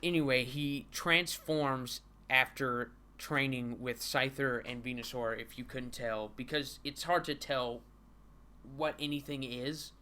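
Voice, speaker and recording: A male streamer reading a comic aloud live, in a bright, ringing mid-range voice. He stammers and repeats words as he goes and breaks into giggles often. He leans into mock-dramatic dread for comic effect. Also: medium pitch, steady tone, measured pace. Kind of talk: casual live-stream commentary.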